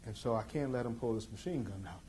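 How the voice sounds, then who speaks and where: A middle-aged man telling a tense personal story in an intense, emphatic way, moving between loud passages and hushed ones. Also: fairly low pitch, quick pace, a little hiss or hum. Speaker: speaker. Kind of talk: dramatic storytelling talk.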